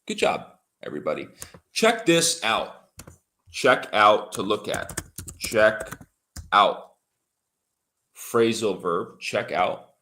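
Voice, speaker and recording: Slow, patient male English teacher. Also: fairly low pitch, bright, forceful tone. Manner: slow, repeats and spells out words for learners. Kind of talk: livestream language lesson.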